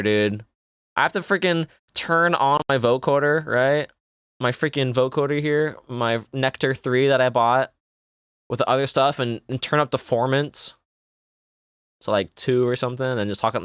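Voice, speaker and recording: A man's voice: medium pitch, moderate pace, fairly bright tone, clear, resonant tone, no room sound, studio quality. A young man streaming live, chatting loosely with lots of "like" while reacting to clips. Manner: casual, rambling, filler-heavy.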